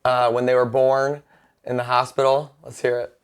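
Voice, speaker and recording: Podcast host, man, mid-pitched, friendly casual questions. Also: monotone, moderate pace, clean tone. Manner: friendly, prompting questions, laughing along. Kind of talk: casual interview.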